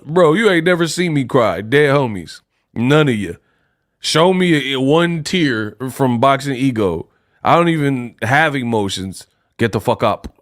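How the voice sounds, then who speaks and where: A young man hosts a casual boxing livestream, joking around and laughing often. His medium-pitched voice comes through clean studio sound with no echo.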